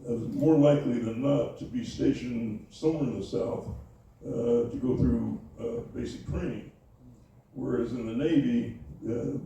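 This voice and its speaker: Older man, oral history interviewee: dark, gravelly voice, halting speech with many restarts, recorded from a distance. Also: medium pitch. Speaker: interviewee, Navy veteran. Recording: echoey room, voice from far off.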